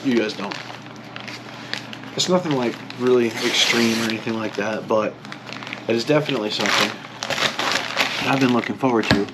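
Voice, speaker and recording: A man's voice: medium pitch, moderate pace, pauses often, very noisy. A man chatting casually to the camera as an outdoor vlogger, joking and talking viewers through his day. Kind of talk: casual vlog narration.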